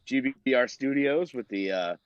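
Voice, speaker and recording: A man's voice: mid-range voice, lively intonation, no echo. Crude joking man on a lo-fi mic. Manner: crude joking, halting with many fillers. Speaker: podcast co-host. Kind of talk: casual chat. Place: home studio. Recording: dull lo-fi remote mic.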